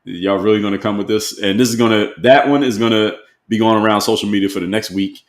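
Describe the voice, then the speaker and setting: A man's voice: lowish voice, fairly even intonation, fast. A man hosting a live stream, reading viewer comments aloud and answering them in a conversational way, often repeating rhetorical questions. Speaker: host. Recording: roomy echo.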